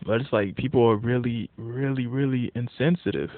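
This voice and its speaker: A man in a casual, profane ranting monologue, blunt and getting animated when worked up. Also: mid-range voice, normal speed, dry recording. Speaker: vlogger. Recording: tinny phone-like dry audio.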